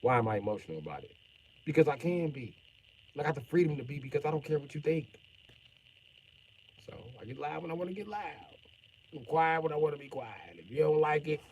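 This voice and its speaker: A middle-aged man ranting bluntly and profanely on a live stream, jumping from mutters to sudden shouts while joking around. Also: on the high side, animated, fairly quick, pauses often, a little hiss or hum, poor audio. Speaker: livestreamer.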